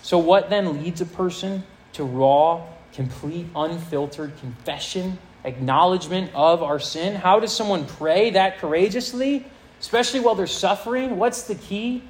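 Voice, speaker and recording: A male pastor preaching a sermon to a high school audience, reading scripture aloud with earnest emphasis. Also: normal speed, poor audio.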